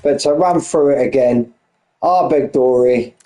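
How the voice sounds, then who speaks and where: A man commentating a sim racing league race, excitable and out of breath, firing off shout-outs. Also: mid-range voice, a little slow, rough recording. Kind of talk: live esports race commentary.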